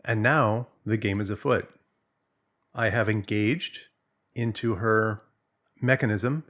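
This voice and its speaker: Male relationship coach, low and gravelly, relaxed conversational delivery, animated storytelling. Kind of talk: casual explanatory monologue.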